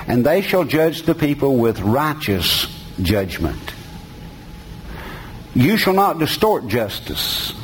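A man's voice: a little high, a little hiss or hum, low-quality recording. A man, preaching an emphatic sermon and speaking straight to his listeners.

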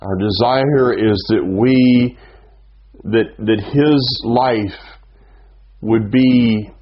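A man's voice: mid-range voice, very slow. A man with a Southern US accent preaching a sermon, teaching earnestly and often restarting his sentences. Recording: dull lo-fi sound.

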